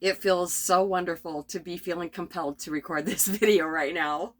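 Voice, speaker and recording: A middle-aged woman with a slightly low voice talks in a rambling, spontaneous vlog from her RV. She is tired and has a cough, restarts her phrases often, and laughs softly now and then. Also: steady tone, normal speed. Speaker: vlogger. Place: at home in an RV.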